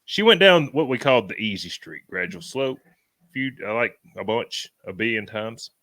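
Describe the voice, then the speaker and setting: A man, co-hosting a podcast and telling animated stories in rural slang. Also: lowish voice, normal speed, no echo. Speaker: podcast co-host. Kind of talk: casual storytelling chat.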